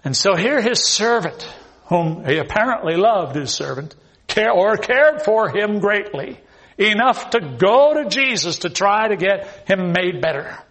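Male preacher, high voice, emphatic verse-by-verse sermon. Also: expressive, measured pace, fairly bright tone. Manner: emphatic, acts out scripture scenes. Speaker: pastor. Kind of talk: expository sermon reading scripture.

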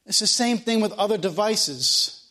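A man's voice: sits high, animated, normal speed, bright, forceful tone. A man preaching a sermon as pastor of a church, in plain country speech, asking the room question after question.

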